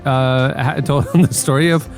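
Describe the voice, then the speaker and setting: A man's voice: medium pitch, steady tone, faint music behind. A man hosting a podcast, reading listener feedback in casual chat and laughing often. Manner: laughs often, drawn-out pauses. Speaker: podcast host.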